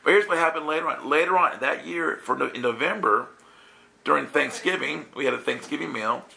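Gravelly, bright-voiced male preacher. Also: a little high, fairly quick. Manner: animated, laughing, acts out quoted voices. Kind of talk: lively sermon with storytelling.

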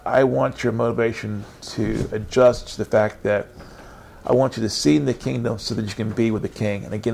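A man's voice: lowish voice, gravelly, a little mellow. A man giving an informal online faith lesson in an earnest, meandering, encouraging way. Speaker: Christian teacher.

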